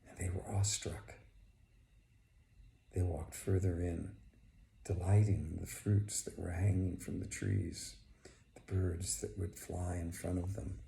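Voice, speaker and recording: A man narrating a folk tale slowly and intimately, often sinking to a whisper, recorded in an echoey room with faint noise. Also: deep voice, gravelly, mellow. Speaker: storyteller. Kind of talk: storybook narration.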